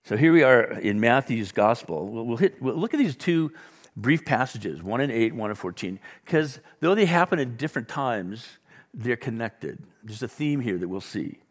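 A man's voice: mid-range voice, moderate pace, big-room sound. A male pastor preaching a sermon, talking conversationally and telling stories to the congregation. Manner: conversational, animated storytelling with asides to the congregation.

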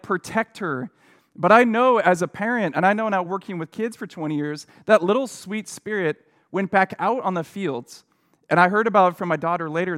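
During a sermon, a middle-aged pastor earnestly relates a personal story in a conversational way, with fillers and frequent restarts. He has a high-pitched, fairly bright voice.

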